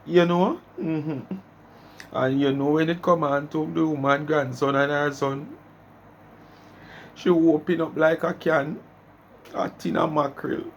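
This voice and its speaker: A man's voice: fairly high pitch, gravelly, a little hiss or hum. A man with a Jamaican accent giving chatty commentary on a clip in patois. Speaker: commentary host.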